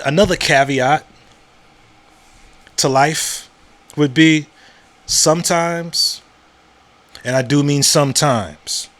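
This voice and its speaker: A man's voice: on the high side, fairly bright tone. Male podcast host, casual monologue, blunt and repetitive, conversational. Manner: conversational, repeats words and asks "you know what I'm saying?"; frank and profane.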